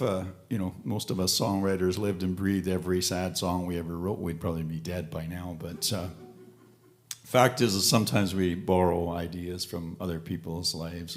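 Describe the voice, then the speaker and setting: A male country singer-songwriter chatting between songs on a live stage, rambling and anecdotal with lots of fillers. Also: sits low. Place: stage at a live music event. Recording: guitar playing behind the voice. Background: acoustic guitar.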